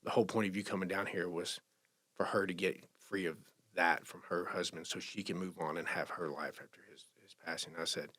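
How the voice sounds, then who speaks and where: Casting: man, drawl, lowish voice, halting heartfelt storyteller, repeats and restarts. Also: fairly even intonation, a bit bright. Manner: emotional, halting, many restarts. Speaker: podcast guest sharing recovery story. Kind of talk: casual storytelling.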